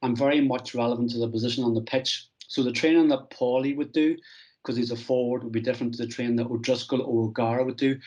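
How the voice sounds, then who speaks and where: Coach telling lively stories. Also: male voice, medium pitch, quick pace. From Ireland. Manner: animated anecdotes, frequent restarts and "I goes". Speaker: strength and conditioning coach, guest. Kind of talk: conversational storytelling interview. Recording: dull lo-fi recording.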